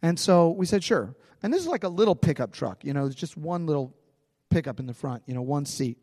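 A pastor telling a personal story in a sermon, conversational and animated, in a large church hall. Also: male voice, a little high, fast, clean studio sound.

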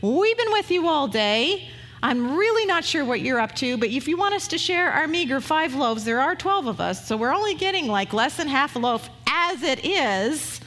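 A woman's voice: sits high, animated, unhurried, a bit bright, pitched above the performer's own voice. A woman pastor voicing a hungry, exasperated male disciple pushing back indignantly in a sermon. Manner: indignant, whiny pushback.

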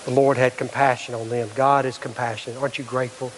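A man's voice: mid-range voice, level tone, fast talker, a little hiss or hum. A middle-aged male pastor preaching a sermon, earnest, full of rhetorical questions and restarts. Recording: long hall reverb.

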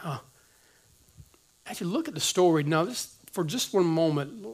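Male pastor with a high voice, lively casual sermon that swings between loud and hushed. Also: moderate pace, husky. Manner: casual preaching slang.

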